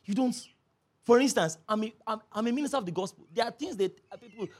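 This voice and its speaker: A man preaching a sermon, telling stories with lively repetition. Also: sits high, quick pace. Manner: animated storytelling, repeats phrases, laughs often. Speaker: pastor.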